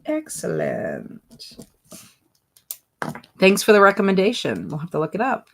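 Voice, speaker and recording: A woman's voice: medium pitch, big pitch swings, fast, creaky, fairly bright tone, slight background noise. Chatty woman hosting a livestream. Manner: chatty, reads viewer comments aloud. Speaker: livestream host and teacher. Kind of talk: casual livestream chat.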